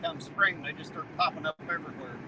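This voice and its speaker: A man with a Southern twang, chatting casually and profanely with his livestream viewers as he drives on the highway. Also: fast. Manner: folksy, profane, joking with chat. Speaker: livestream host. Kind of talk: casual livestream chat while driving. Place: inside a car on the highway. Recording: loud road noise, mic off at a distance.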